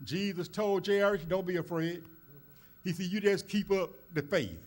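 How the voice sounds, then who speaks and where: High-voiced preaching man. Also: normal speed. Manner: preaching with rising call-and-response emphasis; folksy storytelling with many uh fillers. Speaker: minister. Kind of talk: sermon. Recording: church service recording.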